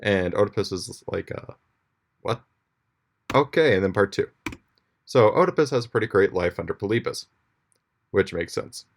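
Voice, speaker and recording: A man's voice: lowish voice, animated, normal speed, vocal fry, a little hiss or hum. A man giving a school presentation, retelling a play in a jokey, casual way with slang. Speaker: student presenter.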